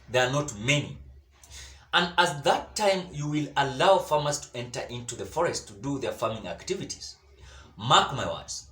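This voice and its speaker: Kenyan male commentator, emphatic, stumbling delivery, animated pitch, echoey room. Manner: emphatic, repetitive, with stumbles and repeated words. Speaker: political commentator. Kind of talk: solo political commentary.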